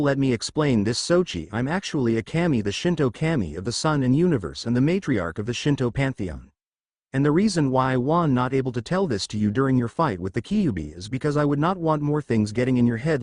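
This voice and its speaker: A man voicing a gentle, motherly female sun goddess in a fan fiction reading. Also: medium pitch, big pitch swings, a little fast, dry recording, studio quality. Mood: tender.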